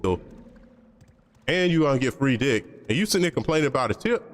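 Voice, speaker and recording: Male streamer, mid-pitched, casual and blunt, lots of slang, voice rings with a long reverb tail. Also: animated, brisk. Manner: blunt, opinionated, rambling with slang and profanity.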